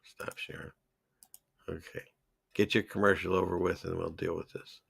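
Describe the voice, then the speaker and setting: A man hosting his own commentary show with a gravelly, bright edge, rambling along and scoffing at what he reads. His mid-pitched voice sits close and dry on the mic. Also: flat delivery, a little fast, no echo. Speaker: podcast host. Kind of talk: casual commentary.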